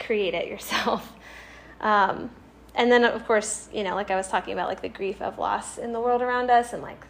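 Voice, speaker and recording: Young woman giving a halting, earnest sermon. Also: fairly high pitch, a little hiss or hum. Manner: halting, full of "like" and "um" fillers; earnest, laughs lightly between points. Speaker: campus ministry speaker. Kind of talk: informal sermon talk.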